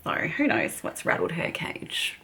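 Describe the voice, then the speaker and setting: A woman's voice: measured pace, pushed and bright, slight background noise. An Australian woman chatting casually as a beauty vlogger while doing her makeup, giggling often. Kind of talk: casual get-ready-with-me chat.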